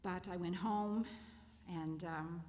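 An older woman giving a personal testimony, telling her story in a gentle, emotional, halting way. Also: on the low side, fairly even intonation, big-room sound. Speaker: testimony speaker.

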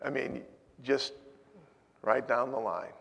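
A man preaching a sermon, telling stories and moving from loud urging to hushed asides. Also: mid-range voice, takes it slowly, creaky, slightly rough. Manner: storytelling, swinging from loud exhortation to hushed asides. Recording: hall with long reverb.

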